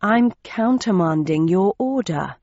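A woman's voice: mid-range voice, expressive, slow pace, darkish tone, no room sound, dull audio. A woman reader voicing an arrogant female impostor who sneers and snarls curtly. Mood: sneering. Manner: sneering, curt.

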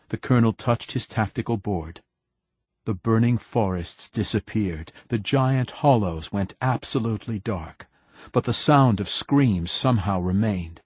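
A man narrating a science fiction audiobook in a steady, dramatic storytelling manner. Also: low voice, slightly rough, dry recording. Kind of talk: scripted narration.

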